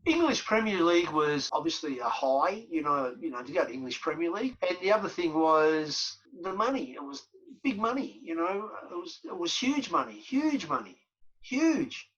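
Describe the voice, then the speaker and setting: Forceful husky Australian man telling stories. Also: on the high side, very animated, moderate pace. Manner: anecdotal, repeats words, frequent fillers. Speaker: former footballer guest. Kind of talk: podcast interview storytelling. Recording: dull lo-fi audio.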